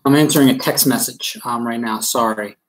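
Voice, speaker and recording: The audio is rough as a Maryland live-stream card breaker talks a little fast in his mid-range voice. His chat meanders casually, peppered with ums, uhs, and jokes at his own expense.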